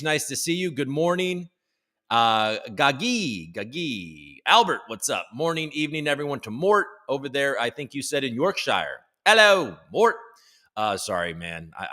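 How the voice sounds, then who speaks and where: A man's voice: medium pitch, pushed and bright. A man from the United States hosting a casual live stream from home, joking loosely and greeting chat viewers by name. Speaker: livestream host.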